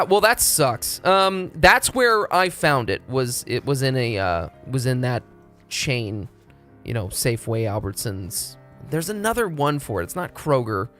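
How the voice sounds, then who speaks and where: A man's voice: mid-range voice, animated, moderate pace, a bit bright, soft background music. Rambling, profane Texan streamer man. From Texas. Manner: rambling, profane, laid-back. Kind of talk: casual stream chat.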